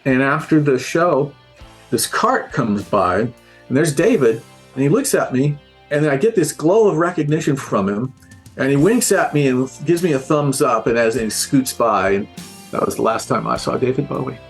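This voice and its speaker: A man, a guest on a podcast, telling a relaxed anecdote and acting out the voices of the people in it. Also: medium pitch, normal speed, faint music behind. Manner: relaxed storyteller, acts out quoted voices. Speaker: interviewed guest telling a story. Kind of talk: casual anecdote.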